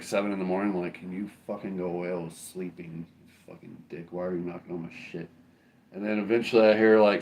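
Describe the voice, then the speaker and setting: A man hosting a livestream, telling long casual stories in a rambling, profane, conversational way. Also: on the low side. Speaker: livestream host. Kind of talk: casual storytelling to a live chat.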